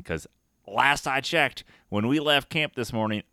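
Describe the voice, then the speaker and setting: A man co-hosting a podcast, telling a trail story in a profane, animated way and acting out the exchanges. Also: mid-range voice, normal speed, no room sound, clean studio sound. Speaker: podcast co-host. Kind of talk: casual chat, storytelling rant.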